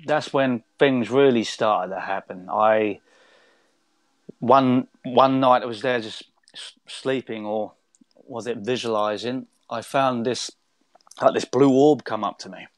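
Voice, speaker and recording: A man's voice: mid-range voice, a little slow, no echo. Man telling a rambling spiritual story. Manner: rambling, with many restarts. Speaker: guest. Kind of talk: conversational storytelling.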